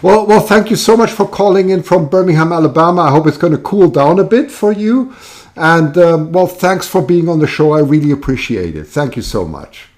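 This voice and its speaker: A man's voice: a little high, lively intonation, a little fast, darkish tone. A man hosting a live call-in show, chatting casually and rambling, with lots of fillers and restarts.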